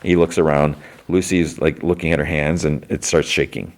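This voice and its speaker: A man's voice: extremely low pitch, flat delivery, normal speed. A man hosting a podcast, recapping an episode in a loose, rambling way and filling his talk with "like.". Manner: rambling, heavy use of "like". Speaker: podcast host.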